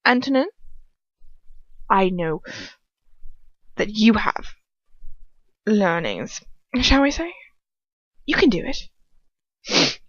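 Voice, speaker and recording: A woman's voice: medium pitch, sing-song, drawn-out words, pauses often, a bit bright, dry recording, highs cut off, full character voice. A woman voicing a cruel, mocking adult witch in a taunting, sing-song way.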